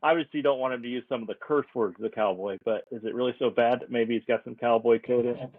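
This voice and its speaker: A man's voice: medium pitch, steady tone, fast, dry recording. A folksy male podcast host asks questions in a joking, loose way, full of fillers. His voice comes through a tinny, phone-like line. The sound is dry and close. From ranch in the Nebraska Sandhills. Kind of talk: casual podcast chat.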